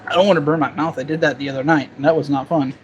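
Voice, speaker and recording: In a casual cooking vlog, a young gun channel host eats while chatting and cracking jokes, relaxed throughout. He speaks at a racing pace in a steady, higher-than-average voice, the audio is dull, and a faint background hum is audible.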